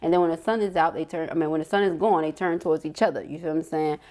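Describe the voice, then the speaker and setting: A woman's voice: low-pitched, steady tone, rapid-fire, mellow. Chatty woman reading tarot, laughing. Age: middle-aged. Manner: chatty, slangy, laughs often. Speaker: tarot reader. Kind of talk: casual tarot reading to camera.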